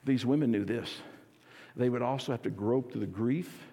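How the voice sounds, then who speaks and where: Energetic pastor in a reverberant church. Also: male voice, mid-range voice, moderate pace. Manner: energetic, leads congregation in call and response. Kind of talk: sermon. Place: church sanctuary.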